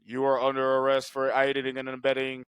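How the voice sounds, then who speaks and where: A man with a bright, forceful voice sits close to a dry microphone, recapping a film in casual podcast chat. He swears constantly, tells it loosely and throws himself into the lines he quotes. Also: medium pitch, completely flat delivery, fairly quick, clear, resonant tone, no echo. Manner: profane, loose storytelling, acts out quotes loudly. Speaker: podcast co-host.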